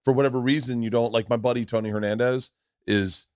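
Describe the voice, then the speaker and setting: A man in his forties hosts a podcast in easy, casual conversation, telling rambling stories full of acted-out voices and swearing. His voice sits at an ordinary middle pitch. The studio sound is dry and close. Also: fast, smooth, no echo. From Tampa, Florida. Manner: animated storyteller, acts out voices and swears freely. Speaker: podcast host.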